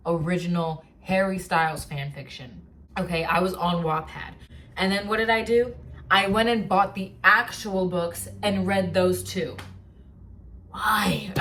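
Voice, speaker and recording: Young woman vlogger, casual animated rant, everyday mid-range voice. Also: mid-range voice, slight background noise. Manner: animated, rambling rant with filler words. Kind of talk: casual chat.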